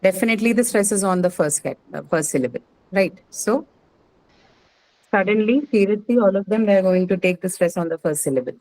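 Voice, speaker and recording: A woman's voice: medium pitch, expressive, fairly quick, a little mellow, low-quality recording. A woman teaching an English class on word stress, patiently quizzing students and repeating their answers.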